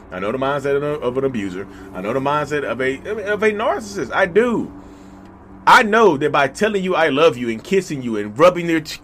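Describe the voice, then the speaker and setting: A man hosting his own channel, talking straight to his viewers in a casual, animated way that often gets loud and hyped. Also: mid-range voice, a little hiss or hum. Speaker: YouTube channel host. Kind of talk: casual direct-to-camera talk.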